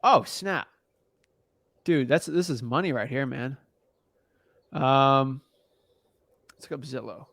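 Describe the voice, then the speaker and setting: A young man from the United States giving casual, slangy coaching advice on a call, thinking out loud as he looks things up. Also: medium pitch, slow, creaky, pauses often, no echo. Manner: laid-back, slangy, talks through what he looks up. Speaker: real estate wholesaling coach.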